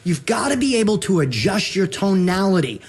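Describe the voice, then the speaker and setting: A husky-voiced man coaches realtors, laying out his rules with punch and lots of emphasis. His pitch rises and falls in a lively way as he works the point. It is a sales talk, direct and energetic. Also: brisk. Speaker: real estate broker and guest.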